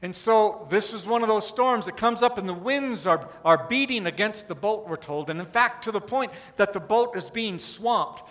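A man preaching a sermon in a conversational way, with wry asides and dramatic pauses, in what sounds like a church sanctuary. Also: sits high, a bit bright, long reverb tail. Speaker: pastor.

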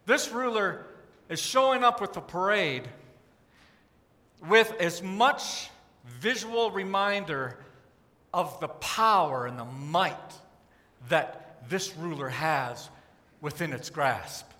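A pastor preaches with a bright, high-pitched voice. He tells the story in an animated way and acts out the crowd's cries. His voice rings with the long reverb of a church sanctuary. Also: slow, long pauses. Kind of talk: sermon storytelling.

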